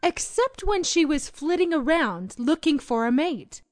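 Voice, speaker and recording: Expressive high-voiced woman reading a storybook. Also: unhurried. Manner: expressive, sing-song storytelling. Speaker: storybook narrator. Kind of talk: children's read-along narration.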